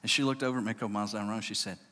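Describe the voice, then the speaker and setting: A man in his forties with a Louisiana accent, a pastor telling a story as a sermon in a folksy, animated way, growing low and quiet for tender moments. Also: very fast. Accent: Southern US, Louisiana. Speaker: pastor, state police chaplain. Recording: long reverb of a large hall.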